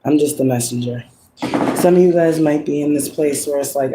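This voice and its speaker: A woman's voice: sits low, moderate pace, reverberant, background noise. A woman giving a casual spiritual monologue, preachy and profane, asking rhetorical questions and laughing often. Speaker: spiritual influencer.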